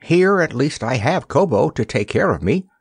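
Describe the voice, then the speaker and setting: A man's voice: medium pitch, big pitch swings, moderate pace, husky, no room sound, studio quality, pitched above the performer's own voice. A man voicing a proud, haughty little boy prisoner who speaks sternly and with dignity. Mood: weary.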